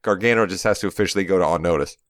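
A man co-hosting a casual podcast about wrestling over a remote call. He talks in an animated, joking way and wanders off into long asides. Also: low-pitched, very fast, dry recording, studio quality. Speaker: podcast co-host.

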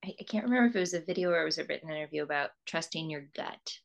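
Gravelly low-voiced woman host. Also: lively intonation, racing. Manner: rambling and effusive, repeats words. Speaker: podcast host. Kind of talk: interview host, casual conversation.

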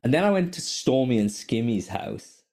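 A man's voice: mid-range voice, moderate pace. A man hosting a podcast in casual chat, telling stories with constant swearing and frequent laughter. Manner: animated storytelling, heavy swearing, frequent laughter. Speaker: podcast host.

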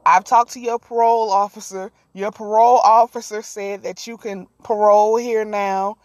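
A woman voicing a creepy, controlling young wife, speaking low and eerily calm. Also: normal speed, no echo, lightly acted.

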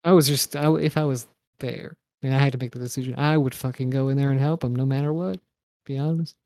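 A man's voice: medium pitch, steady tone, fast, darkish tone, no echo, studio quality. A man talking in a casual chat, blunt, joking and swearing a lot. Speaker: podcast co-host.

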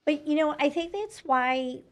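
A woman speaking as a guest in a heart-to-heart interview, frank and conversational and quick to agree. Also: sits high. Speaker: podcast guest.

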